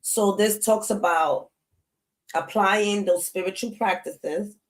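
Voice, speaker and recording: A woman's voice: mid-range voice, slow pace, poor audio. A woman hosting an astrology live stream, chatting casually and animatedly with slang, speaking straight to her viewers' comments.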